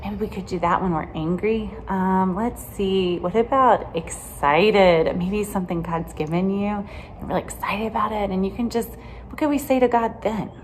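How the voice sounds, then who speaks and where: A woman teaching a children's Bible lesson in a gentle, chatty way, often checking in with "right?". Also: medium pitch, moderate pace, slight background noise. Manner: gentle, chatty, asks questions with many "right?"s.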